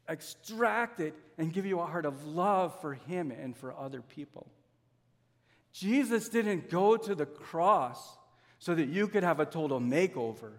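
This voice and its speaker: A man preaching a sermon as pastor, earnest, slowing down to stress key words and using everyday examples. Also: fairly high pitch, lively intonation, long reverb tail. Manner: earnest, with slow drawn-out emphasis and homely examples.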